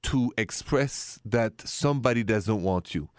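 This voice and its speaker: A man in his forties from France with a French accent, co-hosting a dating-advice show and giving slow, earnest advice. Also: fairly low pitch, no room sound, clean studio sound. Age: 40s. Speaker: co-host. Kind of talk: casual podcast chat.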